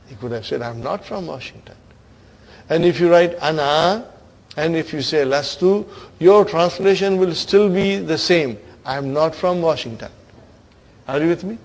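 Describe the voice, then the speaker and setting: A man teaching an Arabic grammar lesson to students, coaxing them along, stretching key words and trailing off softly at the ends of phrases. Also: fairly high pitch, rough recording. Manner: coaxing, keeps asking "are you with me, brother?".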